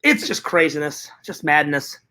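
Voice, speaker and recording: A man's voice: a little high, expressive, normal speed, pushed and bright. A man vlogging to his viewers in casual chat, hyper and rambling, with joking profanity.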